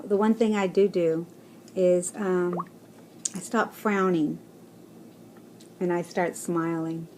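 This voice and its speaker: A woman's voice: on the low side, a little hiss or hum. A woman talking casually to her viewers in a personal vlog, rambling and encouraging, with many fillers. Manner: chatty, rambling, with fillers and soft laughs; encouraging, speaks to viewers directly. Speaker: vlogger.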